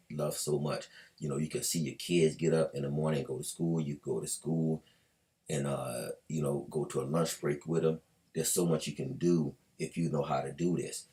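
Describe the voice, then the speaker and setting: A man and trader with a very low voice explains trading in a loose, colloquial way, with mild swearing, often acting out buyers and sellers in quick quoted asides. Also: dark tone. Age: adult with a school-age daughter. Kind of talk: casual explainer video.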